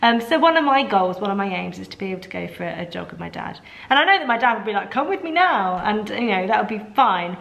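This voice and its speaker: A woman's voice: medium pitch, lively intonation, fast talker, creaky, hardly any pauses, a bit bright, lo-fi sound. A woman in her thirties talks through a casual video diary in a mid-range voice. She rambles and restarts, tosses in self-deprecating asides, and keeps an easygoing, chatty flow. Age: 30s. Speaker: vlogger.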